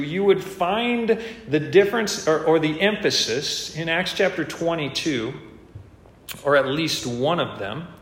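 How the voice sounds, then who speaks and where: A man's voice: fairly high pitch, a bit bright. A man preaching an expository sermon, earnest and emphatic, lifting his voice on key points. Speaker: preacher and teacher. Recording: roomy echo.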